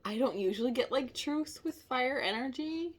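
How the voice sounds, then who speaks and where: A woman talks through a casual tarot reading, her voice swinging widely in pitch as she goes. She is chatty and quick to laugh, often breaking off to apologize or correct herself. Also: expressive. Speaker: tarot reader.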